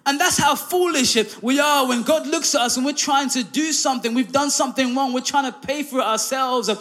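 A preacher with a high, light voice delivers a sermon. He mixes scripture with a funny personal story and keeps his listeners engaged with frequent calls of "come on now" and "amen". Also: fairly quick, a bit bright. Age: adult, married.

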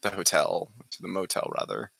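A man's voice: low-pitched, sing-song, fairly quick, gravelly, fairly bright tone, husky, dry recording. A man narrating a tabletop game as game master, hesitant with many fillers and frequent laughter.

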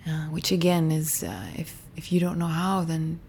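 A young woman talks quietly to her viewers, her lowish voice carrying a soft vocal fry. She often sinks into a near-whisper, gentle and intimate, looping back over half-finished phrases as she reflects, with a faint hiss of background noise beneath. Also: little pitch movement, normal speed. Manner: gentle, intimate, rambling with many restarts. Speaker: spiritual healing teacher.

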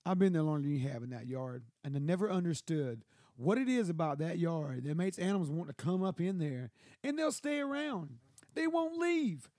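A man's voice: a little high, a little fast, few pauses, warm tone, dry recording, clean studio sound. A man telling stories in casual chat, laughing often and acting out voices.

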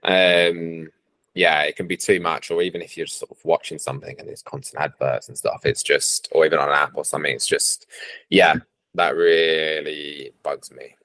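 Very deep voiced guy guesting on a podcast, laid back, dry sound. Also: fairly even intonation, moderate pace, a bit bright, no room sound. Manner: easygoing, laughs often. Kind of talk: casual chat.

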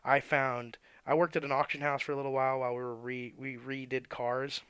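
A man's voice: medium pitch, flat delivery, fairly quick, fairly bright tone, clear, resonant tone, no echo. A man who works as an auto mechanic, telling shop stories in a blunt, profane, ranting way. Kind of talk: casual storytelling rant.

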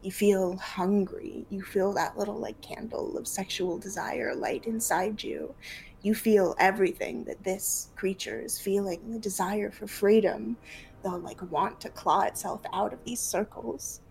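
A woman's voice: mid-range voice, fairly even intonation, measured pace, creaky, darkish tone, a little hiss or hum, low-quality recording. A woman running a tabletop game as game master, narrating in a casual way with many fillers.

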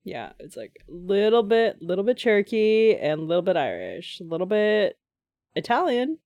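A woman's voice: medium pitch, sing-song, moderate pace, a little mellow, no room sound, highs cut off. A woman chatting casually and sarcastically, often slipping into mocking voices. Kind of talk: casual comedic chat.

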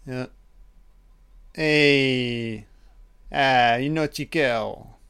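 A man giving a crude, profane, excitable running commentary on a film, calling the characters love and baby. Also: medium pitch, very slow, clean tone.

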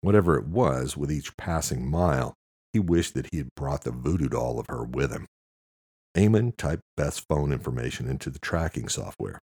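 Deep, husky male audiobook narrator. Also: animated, normal speed, darkish tone, no room sound, clean studio sound. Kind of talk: scripted narration.

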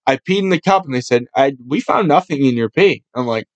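A young man hosting a casual podcast, telling rowdy stories full of swearing and animated voices for the people in them. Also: mid-range voice, brisk, no echo. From Buffalo, New York area. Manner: loud, swearing, storytelling with animated impressions. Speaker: podcast host.

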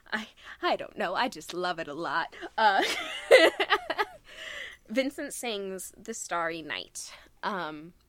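A woman co-host from Wisconsin speaks slowly and with feeling, gushing about music she loves. Her voice sits a little low and is recorded dry and close, with no room sound. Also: fairly bright tone, dry recording. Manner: earnest and gushing, long story-telling runs. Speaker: podcast co-host. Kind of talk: casual chat about a musical.

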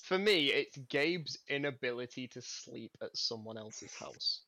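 A man's voice: medium pitch, expressive, unhurried, sharp tone, no room sound. A young man co-hosting a casual podcast chat, teasing, with stammered restarts. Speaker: podcast co-host.

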